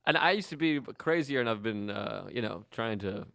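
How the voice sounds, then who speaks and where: A man telling a comic story in casual chat, acting out the loud people in it. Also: fairly low pitch, normal speed, vocal fry, no room sound, clean studio sound. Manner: animated, acts out shouting people in his stories. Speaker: comedian.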